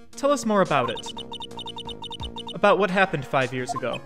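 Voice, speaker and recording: A man's voice: on the high side, very animated, normal speed, long pauses, a bit bright, faint music behind. A man streaming a game, joking around and reading the dialogue aloud in a rambling, casual way. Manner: jokey, rambling, reads game text aloud. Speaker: let's play streamer.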